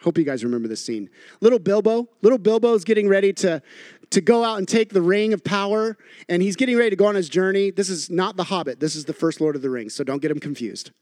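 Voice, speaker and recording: High-voiced preacher telling a story. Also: male voice, fast talker, no echo, studio quality. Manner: animated storytelling, repeats phrases for emphasis. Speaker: pastor. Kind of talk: sermon.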